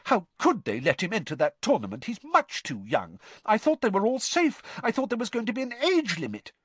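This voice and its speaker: A man voicing an anxious middle-aged mother, high and worried, as if close to tears, in a storybook reading. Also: huge pitch swings, brisk, breathy edge, dry recording, exaggerated voice. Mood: anxious, fretting. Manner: high, worried, tearful pleading.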